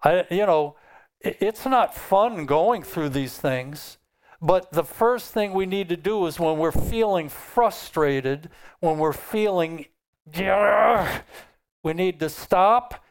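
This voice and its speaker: Male pastor, sermon delivery, unhurried and emphatic, slightly high, smooth clear tone. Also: animated. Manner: asks the congregation questions and answers them; unhurried and emphatic, with filler restarts.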